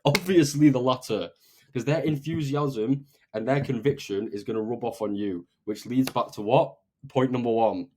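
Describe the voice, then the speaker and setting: A young man giving a motivational sales talk, emphatic and energetic, often tagging his points with "okay?". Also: medium pitch, slight background noise. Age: 20s. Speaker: sales coach.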